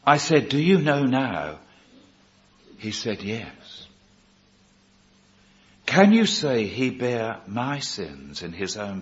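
Male preacher, slow and expressive delivery, storytelling sermon, dull lo-fi recording. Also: lowish voice. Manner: slow storytelling, quoting others in dialogue. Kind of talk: sermon testimony.

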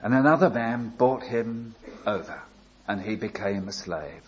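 An older man preaching a sermon, telling a story slowly and building to emphatic appeals. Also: lowish voice, muffled recording. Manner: slow, deliberate storytelling with rising emphatic appeals.

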